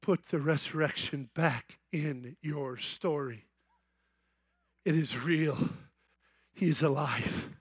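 A middle-aged man preaches in a high, bright-pitched voice, telling a personal story that rises to excited shouting. The sound is dry and close, with no room around it. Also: takes it slowly, long pauses, husky, no echo. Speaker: festival speaker. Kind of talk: evangelistic youth sermon. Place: large outdoor festival main stage.

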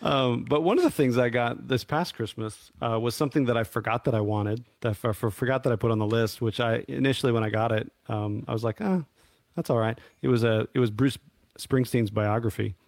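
A man's voice: mid-range voice, fairly even intonation, brisk, gravelly, no room sound, clean studio sound. A man in casual reflective conversation, hesitant and full of fillers and restarts.

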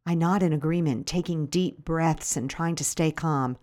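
A woman's voice: low voice, normal speed, a little mellow. A woman narrating a first-person story in a dramatic, breathless manner, also hosting a radio show.

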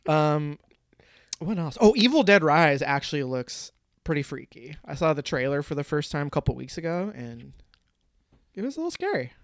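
A man's voice: fairly high pitch, very animated, moderate pace, no room sound, clean studio sound. A man hosting a podcast, chatting casually and joking around with friends. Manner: laid-back, joking, laughs often. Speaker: podcast host. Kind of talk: casual chat.

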